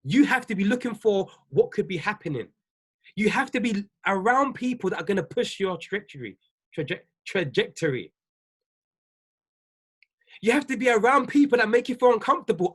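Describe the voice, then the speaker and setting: Husky, animated coach preaching. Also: male voice, sits high. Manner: preachy, repetitive, emphatic, laughs often. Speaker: business coach. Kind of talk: livestream motivational talk.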